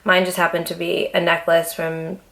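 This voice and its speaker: A young adult woman talks straight to her viewers in a loose, chatty vlog voice that sits a little low. She swears often and leans on fillers as she tells her story. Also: level tone, moderate pace, creaky, fairly bright tone. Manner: blunt, profane, chatty with many fillers. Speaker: vlogger. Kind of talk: casual storytelling to camera.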